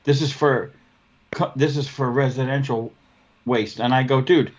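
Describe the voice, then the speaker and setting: A man's voice: mid-range voice, steady tone, normal speed. A man co-hosting a podcast, swearing freely as he tells stories and acts out both sides of his run-ins. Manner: profane storyteller who acts out both sides of his arguments. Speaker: podcast co-host. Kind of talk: casual chat. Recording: dull lo-fi podcast audio.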